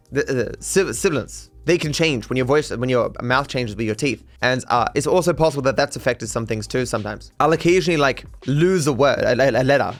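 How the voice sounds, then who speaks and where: Man, faint australian accent, casual streamer ramble, rapid speech, restarts, faint music behind. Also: mid-range voice. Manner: rapid, restarts often, thinks aloud. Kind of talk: casual rambling monologue, reading chat.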